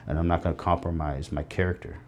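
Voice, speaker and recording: A middle-aged interview guest recounts his life earnestly and reflectively, quoting voices within his stories. He has a deep, a little mellow voice and a steady tone, and he speaks at a quick pace.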